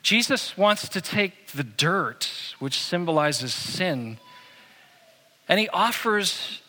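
Bright-voiced preacher in a reverberant hall. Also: male voice, high-pitched, sing-song, slow. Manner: conversational, humorous storytelling. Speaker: pastor. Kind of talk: sermon.

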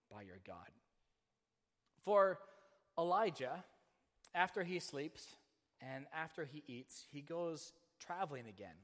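Preacher telling a story in a hall. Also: male voice, medium pitch. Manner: animated storyteller who acts out quoted voices. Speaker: pastor. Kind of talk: sermon with storytelling. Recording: hall reverb.

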